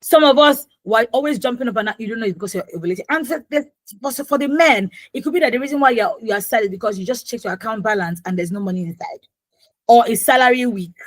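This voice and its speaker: A woman's voice: on the high side, quick pace, dry recording. Nigerian woman, young adult, radio host; casual chatty delivery, dry studio sound. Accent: Nigerian, Yoruba-influenced. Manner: chatty, mixes in Pidgin and Yoruba phrases. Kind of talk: casual radio health talk.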